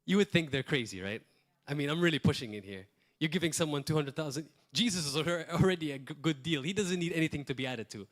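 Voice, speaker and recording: Guy preaching a sermon, kinda rambly and animated, slightly higher voice. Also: a little fast. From Malta. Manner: lively, rambling preaching with acted-out quotes. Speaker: pastor.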